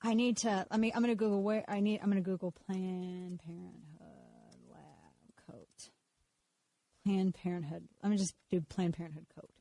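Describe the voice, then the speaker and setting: A woman's voice: on the low side, fairly even intonation, moderate pace, gravelly, dark tone. A woman hosting a live talk radio show, talking casually and sarcastically, often breaking off and restarting her sentences. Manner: sarcastic, mocks others in put-on voices; self-interrupting, repeats words when restarting. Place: radio studio.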